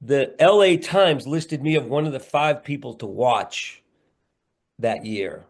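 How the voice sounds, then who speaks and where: A middle-aged man with a gravelly voice speaks as a podcast guest over a video call. He rambles, turns earnest, and tosses in playful asides. His pitch sits in a medium range. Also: animated, slow pace. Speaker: guest comedian and actor. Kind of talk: candid podcast interview.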